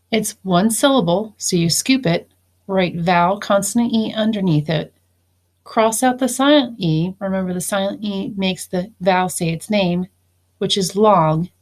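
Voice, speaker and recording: A woman teacher giving a recorded phonics lesson, spelling words out letter by letter and explaining each syllable. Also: mid-range voice.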